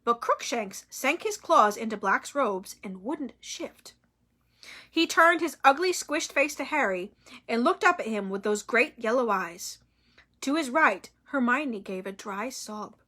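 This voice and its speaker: A woman reading a novel aloud in an expressive, dramatic way. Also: on the high side.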